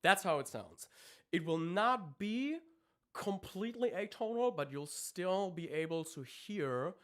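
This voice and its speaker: A man's voice: high-pitched, animated, a little slow, a bit bright. A man, a vocal coach, explaining singing technique in a live-streamed lesson, with many ums and restarts as he talks. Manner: explains technique, breaks off to demonstrate screams.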